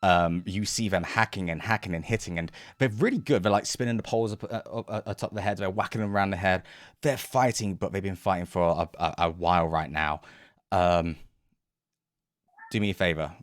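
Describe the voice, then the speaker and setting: Low-voiced man running a tabletop game. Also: brisk, no room sound, studio quality. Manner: animated narration, acting out sound effects, laughs often. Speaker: game master.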